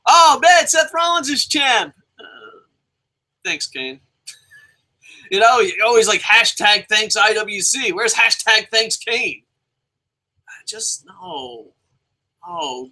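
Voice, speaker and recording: A young man reviews a wrestling show in a loose, profane rant. His voice sits a little high and sounds very bright and cutting. He mocks and exaggerates freely as he talks. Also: a little slow, poor audio. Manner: profane, animated, mocking with shouted put-on voices. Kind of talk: casual ranting review.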